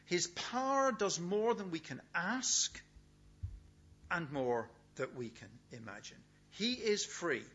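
Emphatic male preacher, lively bright voice. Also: medium pitch, vocal fry. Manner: emphatic, repeats key words with pauses. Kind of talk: sermon. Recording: dull, lo-fi sound with faint hum.

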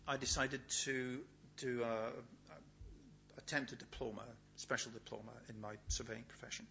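A middle-aged man preaching a sermon, emphatic, repeating key words with pauses for weight. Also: a little high, sharp tone. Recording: dull, lo-fi sound with faint hum.

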